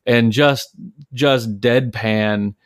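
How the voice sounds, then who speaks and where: A man's voice: mid-range voice, steady tone, extremely slow, dry recording, clean studio sound. A man from Detroit, a podcast host and father, telling family stories in a casual, rambling way with many fillers and restarts. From Detroit, Michigan, USA. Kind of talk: casual storytelling chat.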